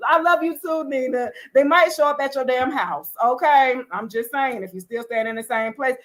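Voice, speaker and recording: A woman hosting a casual live tarot reading, greeting viewers by name and swinging between loud exclamations and low asides. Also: moderate pace, hardly any pauses. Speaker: tarot reader hosting a livestream.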